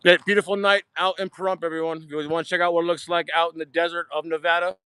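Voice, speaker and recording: A man giving a casual live-stream tour of his diecast collection, excitable, swearing freely and repeating himself. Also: a little high, fast talker, clear, resonant tone, dry recording. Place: home storage rooms and outdoors at night.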